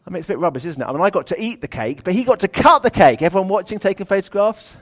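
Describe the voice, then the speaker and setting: A man's voice: sits high, lively intonation, racing, fairly bright tone, voice pushed up. A man putting on a whiny, jealous best man. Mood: grumbling, indignant. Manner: whiny, petulant complaining. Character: grumbling jealous best man at a wedding, adult male.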